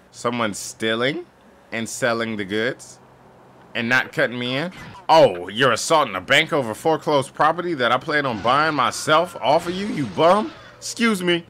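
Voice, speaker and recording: A young man giving sarcastic, jokey commentary while playing a game, often yelling at it. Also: medium pitch. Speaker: gaming YouTuber. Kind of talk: casual gameplay commentary.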